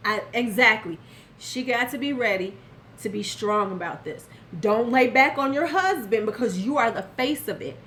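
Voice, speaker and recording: A woman's voice: on the high side, expressive, normal speed, fairly bright tone, slight background noise. An older woman vlogging casually about beauty, giving blunt, sassy advice straight to the viewer and answering chat now and then. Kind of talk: casual commentary vlog.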